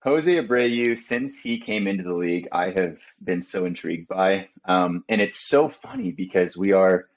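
Deep guy, relaxed and filler-heavy, dull audio. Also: normal speed, hardly any pauses. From Austin, Texas. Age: young adult. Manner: easygoing, many fillers. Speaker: podcast guest. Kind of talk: casual chat.

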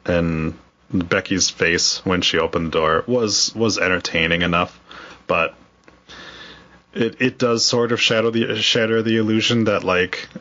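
Midwestern male co-host, low voice, halting casual delivery, dull lo-fi audio with faint noise. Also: pushed and bright. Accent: Midwestern American. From Wisconsin, USA. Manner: halting, many restarts and laughs. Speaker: podcast co-host. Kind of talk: casual chat.

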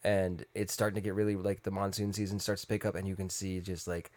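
A man co-hosting a podcast, chatting crudely and swearing freely, with a lively delivery. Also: sits low, fast, no room sound. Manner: animated, swears freely, does loud silly sound imitations. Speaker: podcast co-host. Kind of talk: crude casual banter. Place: Arizona.

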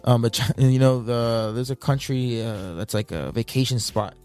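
A man's voice: mid-range voice, normal speed, a little mellow, clear, resonant tone, soft background music. A man co-hosting a casual talk show, emphatic and repeating his points to drive them home. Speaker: podcast co-host. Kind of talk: casual chat.

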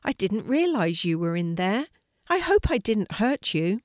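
A woman voicing a sad, gentle little sister squirrel in a children's story, speaking softly and sounding hurt. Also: medium pitch, big pitch swings, measured pace, no echo, clean studio sound. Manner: soft, hurt.

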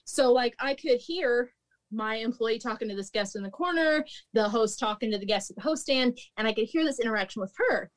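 Blunt, high-voiced woman telling stories. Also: expressive, fairly quick. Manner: blunt, swears freely, laughs often. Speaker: podcast guest, recruiter and former restaurant manager. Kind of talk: casual storytelling chat.

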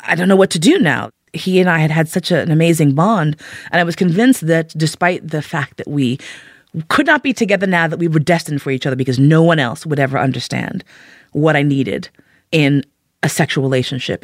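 A woman's voice: low voice, no room sound, clean studio sound. A woman telling a frank, candid personal story as a monologue, acting out her own thoughts in quoted asides.

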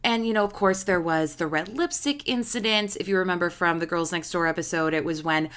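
A woman in her thirties hosts a podcast in a casual storytelling monologue. Her voice sits a little low for a woman, and she talks in a chatty, gossipy way, leaning hard on the juicy parts. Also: a little fast, a bit bright, clean tone. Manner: chatty, gossipy, emphatic retelling. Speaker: podcast host.

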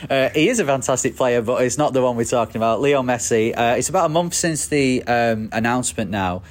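A man's voice: mid-range voice, fairly quick. A man hosting a football podcast, chatting casually and laughing easily. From United Kingdom. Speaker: podcast host.

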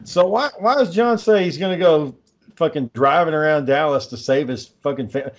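A man's voice: on the high side, normal speed. A man hosting a podcast in casual chat, swearing freely and joking about a friend. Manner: profane, joking, quotes friends in mock voices. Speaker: podcast host.

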